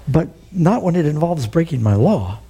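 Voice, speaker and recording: A middle-aged man preaching a sermon, telling the story with animated, acted-out quotes. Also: fairly high pitch, normal speed, husky. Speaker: pastor.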